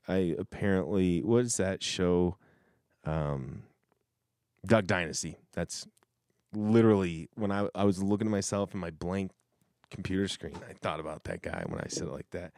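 Man, casual rambling chat, self-interrupting, lowish voice, dry close sound. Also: moderate pace, darkish tone, dry recording. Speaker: host reading messages from coworkers.

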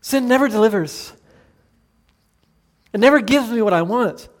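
A man's voice: high-pitched, animated, normal speed. A male pastor preaching a sermon, earnest and pleading, with many rhetorical questions.

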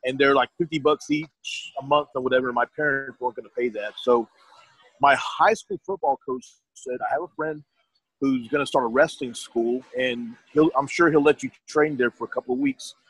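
A man's voice: medium pitch, animated, normal speed, fairly bright tone, slightly rough, dry recording, rough recording. A middle-aged man telling his story in a casual, rambling way, often restarting his sentences and quoting others.

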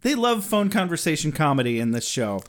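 A man's voice: on the high side, a little fast. A man co-hosting a podcast, recapping a TV episode in casual, joking chat full of swearing. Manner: profane, joking, animated. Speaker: podcast co-host.

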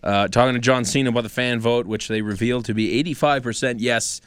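A man co-hosting a casual wrestling talk show, relaxed and dry, reading out news items in a small studio. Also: mid-range voice, fast, smooth, no room sound. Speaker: podcast co-host leading the segment.

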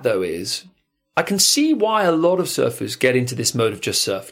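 A man's voice: mid-range voice, sing-song, normal speed, creaky, fairly bright tone. Emphatic, motivational male podcast host. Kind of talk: casual chat.

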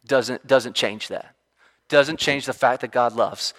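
Man, pastor, lively conversational sermon, bright forceful tone, long hall reverb. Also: mid-range voice, slow pace. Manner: animated, conversational preaching with frequent restarts.

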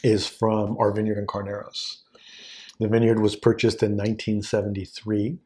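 Brief: forties, fairly low male voice, lively storyteller who jumps up high for quotes. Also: normal speed. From Southern California. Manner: animated, acts out quoted voices with big pitch jumps. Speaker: guest, wine sales executive. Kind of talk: casual anecdotal storytelling.

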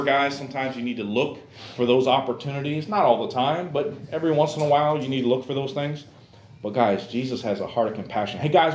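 Man, sermon to men's group, earnest pleading prayer, animated direct appeals, reverberant room, faint background noise. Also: mid-range voice. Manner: earnest, pleading prayer with many "Lord" and "God" tags; animated preaching with direct "hey, guys" appeals. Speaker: preacher. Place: church meeting room. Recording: echoey room with faint ambience.

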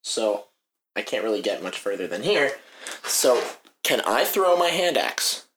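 A man playing a tabletop game, describing his character's moves in a relaxed, rambling way. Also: fairly low pitch, unhurried. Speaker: player. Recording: echoey room with faint noise.

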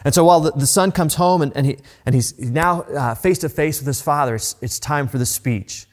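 A man preaching a sermon in a conversational tone, telling the story in a lively way. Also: fairly high pitch, brisk. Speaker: pastor.

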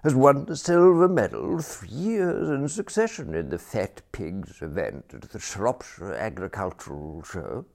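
A man's voice: lowish voice, huge pitch swings, a little slow, vocal fry, voice pushed up, exaggerated voice. A man voicing a vague, kindly elderly earl who talks eagerly and fussily. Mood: proud. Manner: eager, fussy, rambling.

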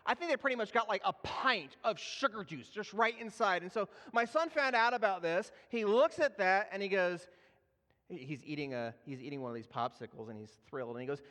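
Pastor, man, 30s, high-pitched, chatty sermon storytelling, hall reverb. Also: big pitch swings, brisk, fairly bright tone. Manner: conversational, self-deprecating, with frequent fillers and restarts. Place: church sanctuary. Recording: echoey hall.

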